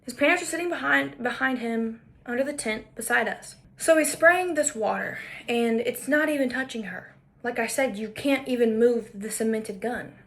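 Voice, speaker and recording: A woman with a high voice tells a story as a commentary monologue. She is emphatic and indignant. She repeats her points for weight. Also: normal speed, gravelly, fairly bright tone. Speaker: podcaster.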